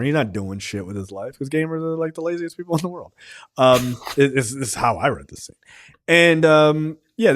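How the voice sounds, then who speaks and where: A man's voice: mid-range voice, no echo, clean studio sound. Casual, profane male film reviewer. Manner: loose, profane, rambling with many ums and likes.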